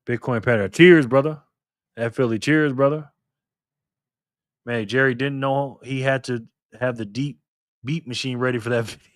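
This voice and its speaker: Male stream host, mid-pitched, loose and chatty, laughs a lot, dry close sound. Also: fairly even intonation, moderate pace, pauses often, no room sound. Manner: chatty, laughs often, reads viewer comments aloud. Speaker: livestream host. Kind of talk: casual livestream chat.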